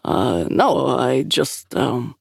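A woman's voice: low-pitched, lively intonation, moderate pace, vocal fry, breathy edge, no echo, clean studio sound, exaggerated voice. A woman voicing an eager, boyish young man who gets flustered easily.

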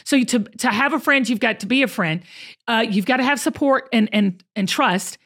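A woman's voice: on the high side, normal speed. A woman hosting a casual chat with her friend, talking in an emphatic, preachy way. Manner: animated, preachy and emphatic, acts out quotes. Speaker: podcast host.

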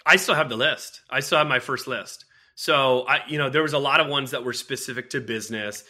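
A man, a guest author and culture consultant, telling anecdotes in an animated, casual interview. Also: medium pitch, a little fast.

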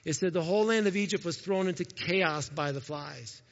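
A man's voice: on the high side, moderate pace. Male pastor, upbeat and jokey in the pulpit, dull lo-fi sound. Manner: animated, jokey, talks straight to the congregation. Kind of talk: sermon. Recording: echoey hall, dull lo-fi sound.

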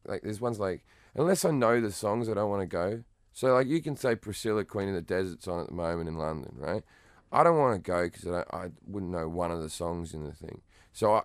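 A man's voice: deep voice, clean tone, no room sound, clean studio sound. A man with an Australian accent, chatting as a comedian guest in an interview, blunt, profane and self-mocking. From Western Australia. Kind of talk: casual interview chat.

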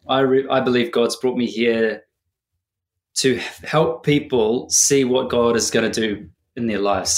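Nz guy in his 30s, earnest and reflective, mid pitch, sounds like an echoey room. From New Zealand. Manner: thoughtful, earnest, pauses to find words. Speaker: podcast guest. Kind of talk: reflective interview answers.

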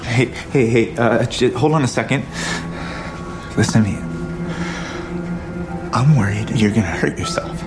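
Brief: actor doing a worried husband, firm and hurried; film clip buried under score. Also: male voice, medium pitch, over loud music, lightly acted. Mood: insistent. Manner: soothing but firm, hurried. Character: worried, insistent husband calming his wife.

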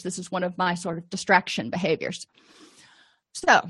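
A woman's voice: medium pitch, fairly bright tone, no room sound, studio quality. A middle-aged woman therapist teaching a skills lesson in a conversational, explanatory way with casual asides. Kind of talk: lecture.

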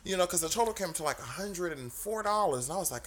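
A woman's voice: on the low side, quick pace, slight background noise. A woman co-hosting a casual comedy talk, telling a story animatedly and acting out the dialogue on a studio microphone. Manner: animated, acts out both sides of dialogue, laughs often. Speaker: podcast co-host telling a story.

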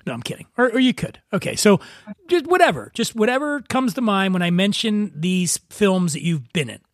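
A man's voice: sits high, very animated, brisk, no room sound, studio quality. A man hosting a podcast, bantering and joking in a rambling, casual way. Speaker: podcast host.

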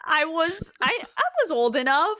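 A young woman talking casually on a podcast, playful and quick to laugh. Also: high-pitched, animated, bright, forceful tone, dry recording, clean studio sound. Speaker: podcast regular.

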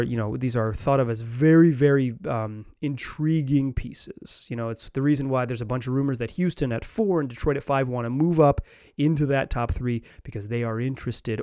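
A man's voice: medium pitch, a little mellow, dry recording. Rambling man on a sports podcast. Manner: rambling, many restarts and fillers. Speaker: podcast host. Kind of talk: casual sports commentary.

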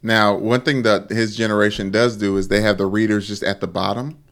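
Male co-host, slightly low voice, laid-back, dry delivery, moves the chat along. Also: steady tone, a little fast, a bit bright. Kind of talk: casual podcast chat.

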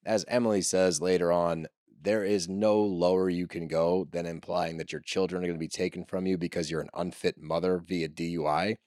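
Low-voiced man recapping reality TV. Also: flat delivery, a little fast, hardly any pauses, darkish tone, dry recording, clean studio sound. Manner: opinionated, swears casually. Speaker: podcast co-host. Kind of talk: casual reality TV recap chat.

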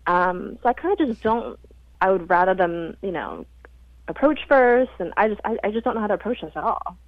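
A woman's voice: medium pitch, sing-song, a little fast, dry recording. Hesitant woman calling in by phone. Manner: hesitant, rambling. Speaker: caller. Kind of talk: phone-in question. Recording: dry tinny phone line.

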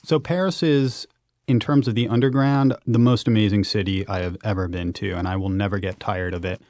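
A man, a guest on a radio interview, telling adventure stories in an animated, emphatic way. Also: lowish voice, a little fast, dry recording. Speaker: guest, urban explorer and author.

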